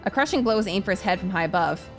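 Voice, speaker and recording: A woman streamer reading a game aloud and breaking in with animated, cursing asides. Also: medium pitch, racing, loud music behind the voice. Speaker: VTuber streamer.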